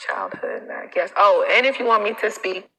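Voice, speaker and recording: A woman coach hosting a casual live stream, animated and emphatic, with a preachy manner full of slang asides. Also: mid-range voice, a little fast, rough recording.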